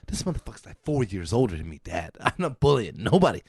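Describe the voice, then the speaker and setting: A man's voice: medium pitch, very animated, quick pace, hardly any pauses, husky, no room sound. A man co-hosting a podcast, telling a long casual story full of swearing, laughs and acted-out quotes. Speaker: podcast co-host.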